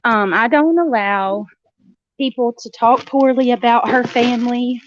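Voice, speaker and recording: A middle-aged woman, talking earnestly and haltingly on a livestream panel from her car. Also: a little high, noisy background. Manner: earnest, halting, with many fillers. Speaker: juror on a panel. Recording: dull, lo-fi, dry call audio from a car.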